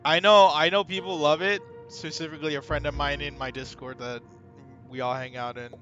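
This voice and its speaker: Young male streamer, somewhat high pitched, excitable casual chat with viewers, heavy swearing. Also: a little fast, muffled recording, faint music behind.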